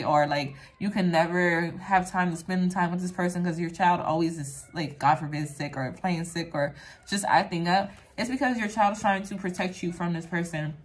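A woman giving a casual pick-a-card tarot reading, talking straight to the viewer in a rambling, earnest way, filling her sentences with "like.". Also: lowish voice. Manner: rambling, chatty, fills speech with "like"; earnest, affirming, addresses viewer directly. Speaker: tarot reader.

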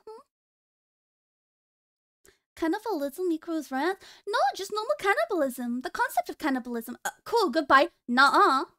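Young woman streamer, super high voice, giggly and teasing, dry close mic. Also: a bit bright, dry recording. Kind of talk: casual stream chat.

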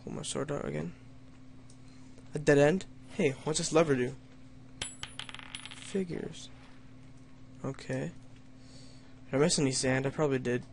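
A man's voice: a little high, fairly even intonation, measured pace, creaky, pauses often, slight background noise. A young man doing let's play commentary, reading story lines in a mock-dramatic tone and joking wryly at himself. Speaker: gamer playing an adventure map.

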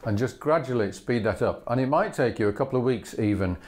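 A man's voice: medium pitch, lively intonation, a little fast, faint music behind. A man teaching fiddle bowing in a patient, methodical way, singing the rhythms aloud between spoken steps. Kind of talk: instructional demonstration. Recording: loud fiddle playing between phrases.

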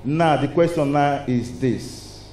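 A man with a Nigerian accent preaching a lively sermon in a church, asking the congregation rhetorical questions. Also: medium pitch, slow pace. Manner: animated, call-and-response preaching with rhetorical questions. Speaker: pastor. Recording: echoey hall with faint noise.

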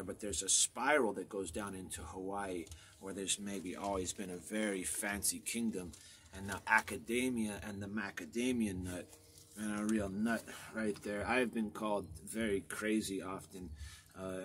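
A man with a lowish voice rambles through old maps in an unscripted way, stopping and restarting his thoughts. His sentences often fade into quiet mumbles. A faint hiss sits under the recording. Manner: meandering, many fillers and restarts, trails off quietly. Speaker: vlogger. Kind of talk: rambling off-the-cuff commentary over old maps.

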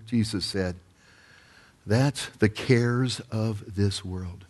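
A man's voice: lowish voice, expressive, measured pace, long pauses. A male pastor preaching a sermon. He tells the parable with energy and slips into acted-out voices for the people in it.

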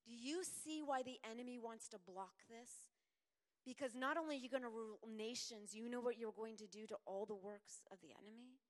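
A woman preaching a sermon, swinging from soft whispers to loud, pleading passages. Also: fairly high pitch, big-room sound. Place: church sanctuary.

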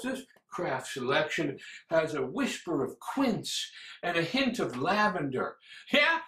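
A man delivering a scripted comic rant about drinks, building up to shouts. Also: a little high, big pitch swings, slow. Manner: ranting, escalating to shouts. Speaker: comedian reviewing drinks. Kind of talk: scripted comedic monologue. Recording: roomy echo.

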